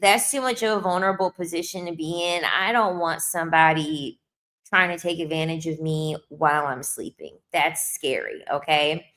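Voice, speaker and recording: A woman's voice: low-pitched, fairly even intonation, moderate pace, fairly bright tone. A young adult woman talking straight to camera in a casual monologue, blunt and emphatic, repeating lines for effect with sassy asides. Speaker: video creator.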